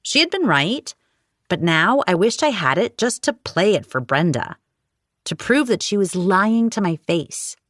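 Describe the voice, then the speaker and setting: A woman narrating a romance audiobook in the first person, with wry, expressive storytelling. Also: lowish voice, a little slow, dry recording, clean studio sound.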